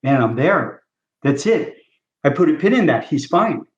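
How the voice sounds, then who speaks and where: A man's voice: a little high, very animated, a little slow. A man coaching chiropractors as a podcast guest, teaching emphatically and role-playing patient talks. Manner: emphatic, coaching, asks if listeners follow. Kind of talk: teaching and role-play demonstration. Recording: roomy, dull lo-fi sound.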